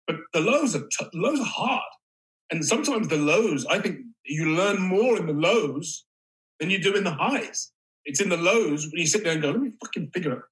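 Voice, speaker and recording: A male actor speaking as an interview guest, halting and reflective, with casual swearing. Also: sits high, a bit bright, low-quality recording. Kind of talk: candid interview conversation.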